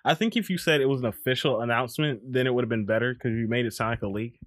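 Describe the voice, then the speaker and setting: A man's voice: mid-range voice, rapid-fire, dry recording. A young man hosting a casual chat podcast, teasing his friends with dry jokes. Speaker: podcast host.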